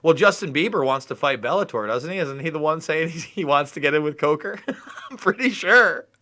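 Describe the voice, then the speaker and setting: A man's voice: on the high side, animated, fairly quick, pushed and bright. A man hosting a podcast, chatting casually and animatedly about fighting sports, swearing freely and laughing often. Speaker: podcast host.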